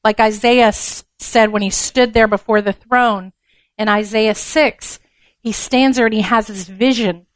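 A woman's voice: mid-range voice, fairly even intonation, a little slow, no room sound. A woman giving a conversational sermon to a women's gathering, frank and down-to-earth with blunt humor.

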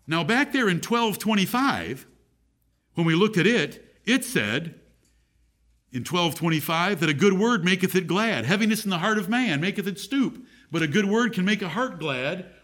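A man's voice: high voice, a bit bright. A middle-aged man preaching a sermon, reading scripture aloud and repeating key phrases for emphasis.

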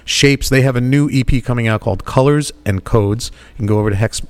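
A man's voice: mid-range voice, brisk. A man hosting a radio show, chatting casually on air in a rambling, jokey way with many restarts, from a radio studio.

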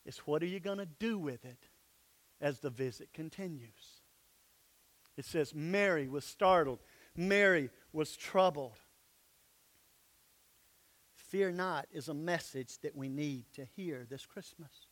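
A pastor preaching a sermon in a church, emphatic, sometimes dropping to soft, low asides. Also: male voice, slow, pauses often.

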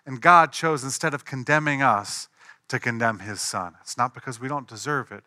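A man's voice: mid-range voice, normal speed, bright, forceful tone, no echo, studio quality. A pastor preaching an earnest, emphatic sermon, mixing conversational asides into his message.

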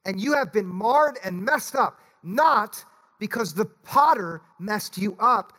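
Male pastor, sermon, high voice, earnest, pleading. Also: animated, takes it slowly, bright, forceful tone. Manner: earnest, pleading, repeats "listen". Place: church.

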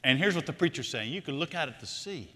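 Animated preacher man in a reverberant hall. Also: on the high side, fast. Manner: animated, swings between loud emphasis and quiet asides. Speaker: pastor. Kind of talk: sermon.

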